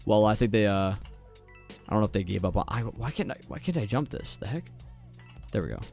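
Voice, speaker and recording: A young adult man streaming a game, chatting casually with his viewers and commentating his play, often repeating phrases and dropping into quiet mutters. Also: lowish voice, lively intonation, a little fast, creaky, soft background music. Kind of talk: casual live-stream chat with gameplay commentary.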